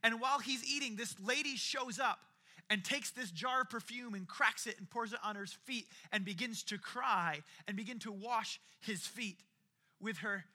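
A man preaching a sermon in a conversational, animated way, with jokey asides. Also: high-pitched, moderate pace. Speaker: pastor.

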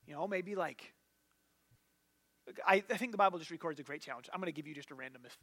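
A man's voice: fairly high pitch, fast, a bit bright. A man telling a story as a pastor in a sermon, retelling it casually and with animation, with many filler words.

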